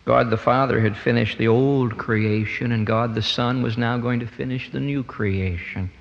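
A man's voice: fairly even intonation, moderate pace, gravelly, muffled recording. Man preaching in an echoing hall. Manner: dramatic swings in pitch and loudness, rising to emphatic peaks. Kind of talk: sermon.

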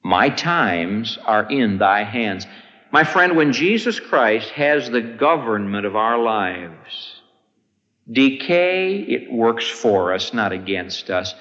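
A man preaching a sermon. He swings from ringing high peaks down to hushed low endings. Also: animated, slow pace, long reverb tail, muffled recording. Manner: dramatic rises and hushed drops in delivery.

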